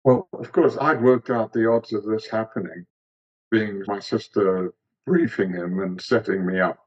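A middle-aged man from South Africa, a guest telling an earnest, gently wry personal story in casual chat. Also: lowish voice, fairly even intonation, unhurried, husky, highs cut off.

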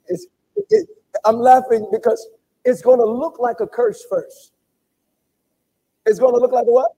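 A man preaching a sermon to his congregation, repeating phrases and swinging between loud calls and hushed asides. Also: very high-pitched, a little slow, long pauses, rough recording. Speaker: pastor. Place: church sanctuary.

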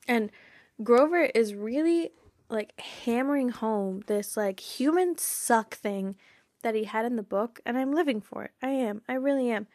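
A woman hosts a casual fan podcast in a bright, higher voice. She gushes and giggles, and her thoughts tumble out loosely. The sound is dry and close, with no room around it. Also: a little slow, no echo. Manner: bubbly, giggly, gushing; rambling with frequent fillers like "like" and "you know". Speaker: podcast host.

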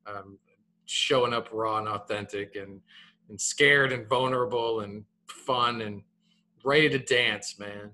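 A man in his thirties co-hosting a casual podcast, animated and repeating his words, tagging "man" onto his sentences. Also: lowish voice, a little slow. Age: 30s. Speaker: podcast co-host.

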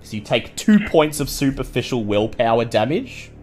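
A man's voice: medium pitch, sing-song, normal speed, a little mellow, soft background music. A man running a tabletop game, explaining rules and narrating the action vividly. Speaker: game master.

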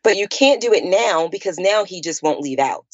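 A woman from Dallas, chatting as a guest in an expressive, sympathetic way. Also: lowish voice, normal speed, no echo, lo-fi sound. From Dallas, Texas. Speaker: podcast guest. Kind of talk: casual chat.

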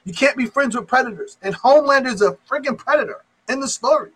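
A man's voice: extremely high pitch, fast talker, fairly bright tone, breathy edge, poor audio. A man on a podcast arguing his point emphatically, stumbling and repeating words. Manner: emphatic, repeats himself, lectures. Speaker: podcast co-host. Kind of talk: casual chat.

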